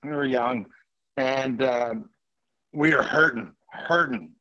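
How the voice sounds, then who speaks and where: A man, a former hockey player and guest, telling an animated anecdote in a lively, rambling way. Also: mid-range voice, takes it slowly, no echo, lo-fi sound. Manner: lively, rambling, laughs mid-story.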